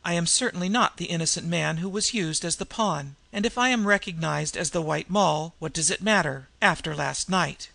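A cool, defiant young woman thief in a storybook reading, as a male narrator puts her on. She talks steadily and stays composed. The voice is bright with a gravelly edge. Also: fairly high pitch, normal speed, few pauses, no room sound, full character voice.

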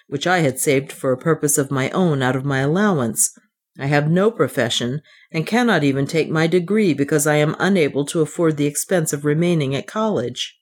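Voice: medium pitch, lightly acted. A reader voicing an earnest, proud young man who speaks with restraint in an audiobook. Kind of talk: audiobook reading.

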